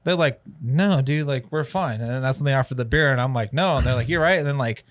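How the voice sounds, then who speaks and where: Man, podcast co-host, casual storytelling, profane, filler-heavy, mid-pitched voice, studio. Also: fast talker.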